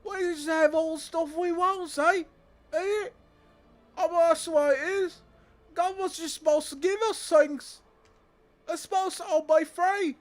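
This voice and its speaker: A man voicing a whiny, high-pitched striking worker who grumbles in rising, questioning tones. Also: steady tone, a little slow. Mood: whining.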